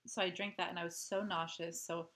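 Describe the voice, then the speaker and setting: A woman vlogger chats casually at home for her video diary, rambling along with plenty of "like" and "um." Her lowish voice is fairly quick and a bit bright, held to a level tone, and there's a little hiss or hum on the track.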